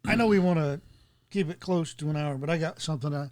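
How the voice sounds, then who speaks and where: A man co-hosting a casual podcast, stating firm opinions with emphatic pauses. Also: a little high, darkish tone. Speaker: podcast co-host. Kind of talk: casual chat.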